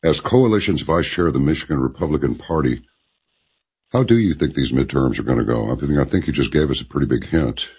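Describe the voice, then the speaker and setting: A man's voice: very deep voice, expressive, brisk, a little mellow, husky. A male host interviewing a political guest, agreeable and hesitant, with many fillers.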